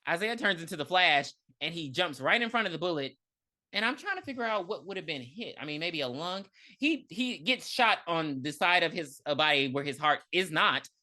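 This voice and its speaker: A woman with a somewhat low, bright voice co-hosts a casual podcast. She recaps the story in animated, slangy chat. She keeps breaking into other people's lines and laughing as she goes. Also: brisk. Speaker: podcast co-host.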